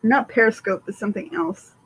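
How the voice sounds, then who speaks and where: A woman's voice: fairly high pitch, animated, a little fast, husky, poor audio. A woman hosting a casual livestream, swearing freely and rambling with many fillers while answering viewer chat. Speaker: livestream host.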